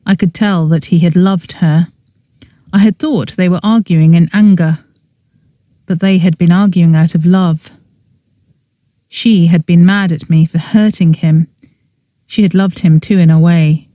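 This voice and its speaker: An audiobook narrator reading a cozy mystery in first person, with an even storytelling manner. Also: mid-range voice, unhurried, pauses often, dry recording.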